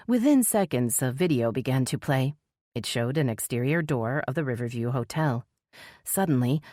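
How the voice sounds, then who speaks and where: A woman narrating a mystery audiobook in a measured, even storytelling manner. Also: a bass voice, no echo, clean studio sound. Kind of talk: scripted narration.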